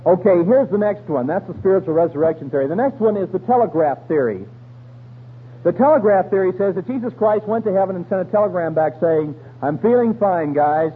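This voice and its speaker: A man with a high, animated voice preaches fairly quickly in a folksy, colloquial storytelling style full of slang. It is a radio sermon, and the broadcast sounds tinny with a faint hum.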